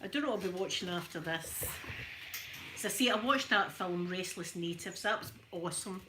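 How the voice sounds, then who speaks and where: A woman's voice: lowish voice, normal speed, noisy background. A middle-aged Scottish woman chatting casually while ironing, rambling from one story to the next. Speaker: ASMR creator.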